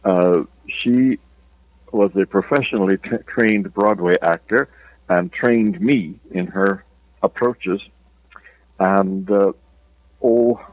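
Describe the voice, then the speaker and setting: A man's voice: on the low side, dry recording, rough recording. An older man with an Irish accent, an author telling his story as an interview guest in a reflective, hesitant way. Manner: reflective, unhurried, with hesitant pauses.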